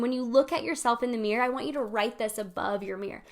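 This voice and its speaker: A fairly high-voiced woman in her thirties hosts a live card reading. She talks casually and warmly, calling her viewers her sweet friends, with an upbeat, encouraging manner. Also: quick pace. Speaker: spiritual coach hosting weekly card pulls.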